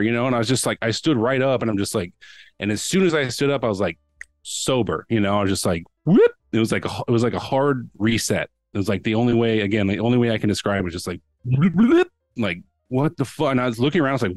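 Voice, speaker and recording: A man's voice: on the low side, very fast, dry recording, clean studio sound, faint music behind. A man telling a long story as a podcast guest, rambling, with many restarts and acted-out quotes. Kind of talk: casual storytelling.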